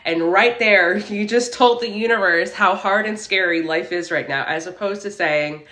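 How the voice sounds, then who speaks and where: A woman's voice: medium pitch, normal speed, few pauses, pushed and bright, roomy sound. A woman hosting a casual livestream from her room as a spiritual reader, reading viewer comments aloud in an upbeat, affirming way. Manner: upbeat and affirming, preachy about mindset.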